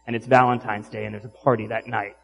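Male pastor, mid-pitched voice, storytelling sermon over soft background music. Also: level tone, fast talker, creaky, rough recording. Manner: retells a story with quoted lines, then asks the audience pointed questions.

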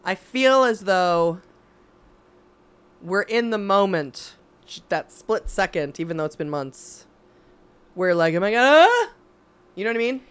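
A middle-aged woman co-hosting a podcast in casual chat, reflective and encouraging with quick supportive replies. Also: on the low side, clear, resonant tone. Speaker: podcast co-host.

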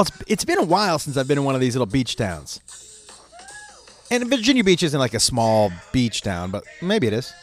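Hoarse man with a lost voice. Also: mid-range voice. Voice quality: rough, smoky-sounding. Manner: rambling, self-mocking. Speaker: touring performer. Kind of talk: casual vlog chat. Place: hotel room.

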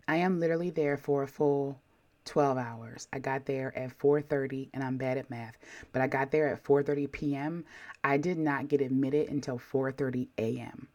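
Low-voiced sassy woman telling her story. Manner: animated, sassy, talks straight to viewers. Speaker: vlogger telling a personal story. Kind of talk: casual storytelling to camera.

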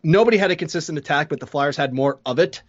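A man's voice: fairly high pitch, fast, dry recording, muffled recording. Joking man in a casual sports chat. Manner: joking, rambling, loose. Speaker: podcast co-host.

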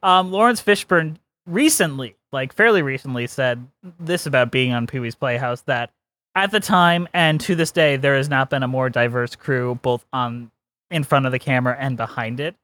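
A man's voice: mid-range voice, moderate pace, sharp tone, no room sound. A man co-hosting a podcast, chatting casually and giving strong opinions, laughing often. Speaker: podcast co-host. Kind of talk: casual chat.

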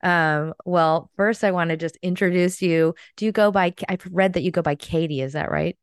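A woman's voice: lowish voice, normal speed, smooth, no echo, studio quality. A woman hosting a casual interview podcast, effusive and giggly, with many fillers. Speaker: podcast host.

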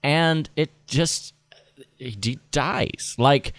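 A man's voice: a little high, very slow, no echo. A man hosting a podcast, chatting casually and rambling with frequent restarts. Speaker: podcast host. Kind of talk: casual chat.

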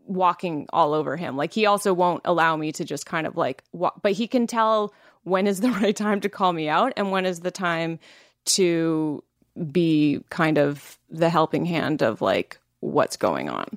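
A woman's voice: lowish voice, animated, measured pace, no echo, studio quality. Candid, laughing woman guest. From Canada. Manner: candid, laughs often, many filler "like"s. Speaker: actress and podcast guest. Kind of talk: casual interview chat.

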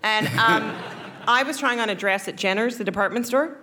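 Chatty comic woman guest, bright giggly voice, slight background ambience. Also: a little high, normal speed, a little hiss or hum. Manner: chatty, giggly, self-mocking. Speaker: guest storyteller. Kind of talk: comic anecdote on a talk show.

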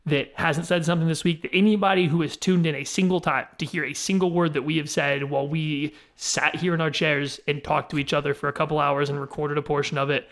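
A man's voice: fairly high pitch, flat delivery, fairly quick, hardly any pauses, fairly bright tone. A man co-hosting a podcast, earnestly thanking listeners in long run-on sentences. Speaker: podcast co-host.

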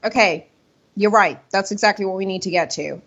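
A woman's voice: mid-range voice, brisk, fairly bright tone, slightly rough, highs cut off. A woman talking as a guest in a radio interview, earnest and rambling, often correcting herself mid-sentence. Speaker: guest commentator. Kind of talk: radio interview, opinionated talk.

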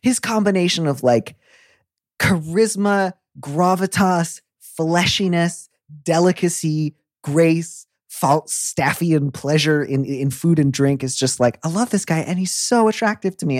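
A young adult man hosting a podcast, chatting in an effusive, animated way. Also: fairly high pitch, unhurried, no room sound, studio quality. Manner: animated, effusive, breaks into quoted voices. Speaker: podcast host. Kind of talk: casual conversational chat.

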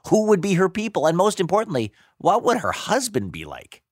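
A man hosting and narrating a story in an expressive, playful manner. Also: high-pitched, fairly quick, no echo, clean studio sound. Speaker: host and narrator.

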